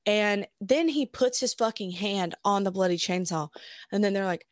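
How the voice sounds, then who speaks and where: Young woman podcast co-host, mid-range voice, dry sound, swears freely, lively retelling. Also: mid-range voice, moderate pace, no echo. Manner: animated, profane, laughing retelling. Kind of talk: casual chat.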